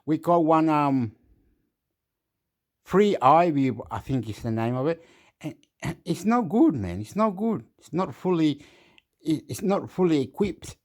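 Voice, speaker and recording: A man in a rambling rant, his voice sitting a little high and leaping about wildly. He drops into low mutters, then bursts into loud, swearing outbursts. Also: lively intonation, a little slow, pauses often. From Australia. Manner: swings between muttering and shouting, swears a lot. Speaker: vlogger reacting to clips.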